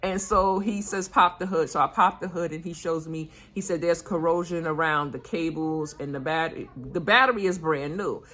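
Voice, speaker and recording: A woman's voice: fairly low pitch, moderate pace, hardly any pauses, fairly bright tone. An older woman, telling a personal story in a chatty, earnest way, quoting what others said. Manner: chatty, earnest, retelling with quoted dialogue. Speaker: vlogger. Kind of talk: casual storytelling vlog.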